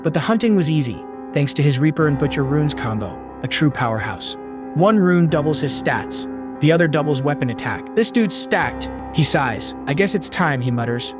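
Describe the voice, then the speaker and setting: A male recap narrator reads a scripted story, dropping slangy, punchy quips between the beats. His voice sits fairly high for a man. Soft music plays underneath. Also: animated, a little fast. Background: faint background music.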